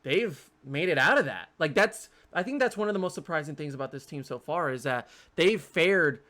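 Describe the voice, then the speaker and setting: Animated, slightly high-voiced male podcast host. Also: normal speed. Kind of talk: casual sports podcast chat.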